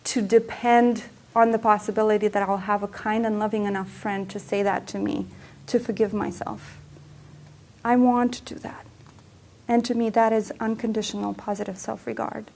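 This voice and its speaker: A woman emotional health coach speaks to a room, her voice sitting a little high. She tells her stories in an earnest, personal way, like a presentation talk. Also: little pitch movement, normal speed. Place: center for women presentation room.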